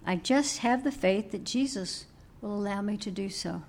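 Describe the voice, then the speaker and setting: A woman voicing a calm, faithful nun with a matter-of-fact, gently wry manner while telling a sermon story. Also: mid-range voice, normal speed, natural voice.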